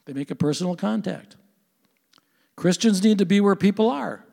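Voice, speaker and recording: An older man gives a sermon in a church sanctuary, his voice a bit higher than most men's. He preaches in an earnest, conversational way, often turning to his listeners with questions. The sound carries a long reverb from the hall. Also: moderate pace, vocal fry, warm tone. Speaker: pastor.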